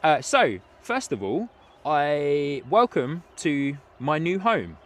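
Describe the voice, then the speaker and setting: His voice is on the high side and very animated, yet slow. He's an English man in his thirties running a live plane-spotting stream outdoors at an airport in light rain, chatting loosely with lots of fillers and laughs over faint outdoor and vehicle noise.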